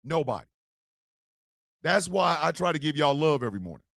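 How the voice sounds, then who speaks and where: A man hosting a live talk stream, his voice a bit high and gravelly. He swings wildly up and down in pitch, often breaking into shouts and laughter. The sound is dry and close. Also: big pitch swings, brisk, no room sound, some chatter behind. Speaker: streaming show host. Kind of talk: live talk show monologue.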